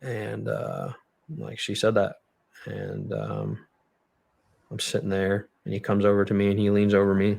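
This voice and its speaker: A young man telling a story as a podcast guest, blunt and full of swearing, in a halting way. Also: lowish voice, completely flat delivery, creaky, darkish tone. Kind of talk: storytelling in a conversational interview. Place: podcast studio.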